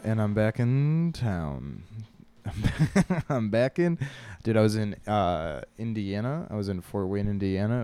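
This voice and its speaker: A stand-up comic who also hosts a podcast delivers a casual comedic monologue, rambling and swearing and often laughing at his own jokes. His voice is fairly low with a dark tone.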